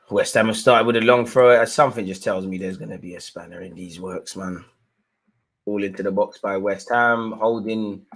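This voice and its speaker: A young man hosting a live football watchalong, giving slangy running commentary and shouting at the referee in bursts. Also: on the low side. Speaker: live match watchalong host.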